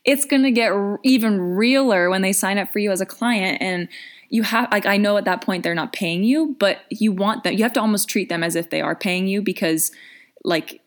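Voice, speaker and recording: A woman's voice: mid-range voice, moderate pace. A young woman in her twenties giving casual business coaching advice, chatty with lots of fillers and restarts.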